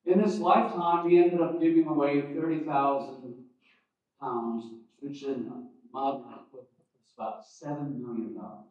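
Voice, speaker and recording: A man delivers a teaching sermon in a loose, conversational way, restarting phrases and adding asides. His voice sits a little high and carries from some distance, heard through a dull, muffled recording that rings with heavy church echo. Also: fairly even intonation, moderate pace. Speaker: preacher. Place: church sanctuary.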